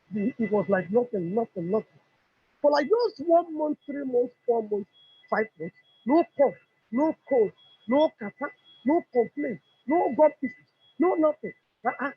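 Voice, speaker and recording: Husky-voiced Nigerian woman giving testimony. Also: sits high, moderate pace, no room sound. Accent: Nigerian English. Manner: animated storyteller who acts out dialogue. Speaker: customer giving a product testimony. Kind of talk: emotional personal testimony. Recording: dull lo-fi recording.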